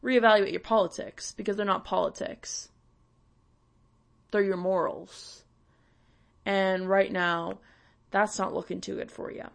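A woman's voice: medium pitch, level tone, unhurried, gravelly, long pauses. A young woman from Canada, hosting and ranting bluntly with swearing and sarcasm. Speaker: podcast host. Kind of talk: ranting monologue.

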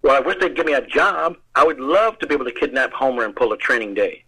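A bright, husky American man telling stories as an interview guest. He rambles, stumbles over repeated words and laughs often. His pitch sits in the middle. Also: fast, low-quality recording. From United States. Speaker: guest actor. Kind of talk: casual interview storytelling.

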